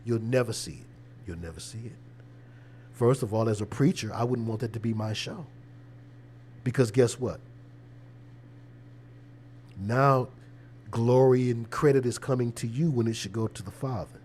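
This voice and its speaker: A male preacher hosting his own show and talking loosely to his viewers. He restarts phrases and repeats words, then slips into preachy asides. His voice sits at an everyday middle pitch for a man. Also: steady tone, normal speed, pauses often, a little mellow. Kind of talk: casual livestream commentary.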